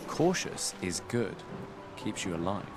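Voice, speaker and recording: An actor playing a steady, wry man on the eve of an expedition, with dry, understated humor. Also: deep voice, measured pace. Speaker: expedition member. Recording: game audio with music underneath.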